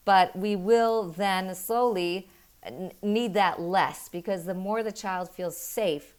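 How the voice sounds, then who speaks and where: A middle-aged woman and mother explaining parenting in an earnest, animated way, telling stories with quick laughs. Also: medium pitch, smooth. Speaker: parenting guest. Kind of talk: conversational explaining.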